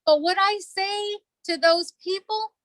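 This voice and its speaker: A middle-aged woman with a high voice speaks as a council delegate at a community meeting. Her voice is close and dry, with no room sound. She talks earnestly and with emotion, going back over her points to drive them home. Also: unhurried, a bit bright, no room sound, rough recording. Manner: earnest, emotional, repeats herself for emphasis.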